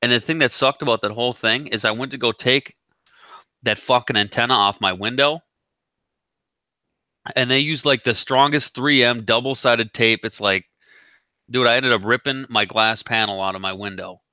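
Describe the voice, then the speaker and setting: A man's voice: medium pitch, moderate pace, bright, forceful tone, no echo. A man hosting a casual chat, telling a rambling, profane story. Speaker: podcast host. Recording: dull lo-fi sound.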